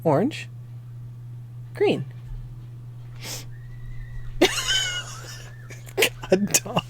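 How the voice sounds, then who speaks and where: A young woman streamer talks in an excitable, exclamatory way, her pitch leaping all over. She speaks slowly and sounds teary and sniffly. She swears freely as she chats from home. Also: slight background noise. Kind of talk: casual livestream chat.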